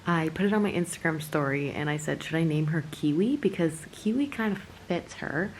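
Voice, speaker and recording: A young woman chatting casually for her vlog at home, breaking into high baby talk at times. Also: lively intonation, fairly quick, a little hiss or hum, rough recording. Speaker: vlogger. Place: home bedroom, indoors.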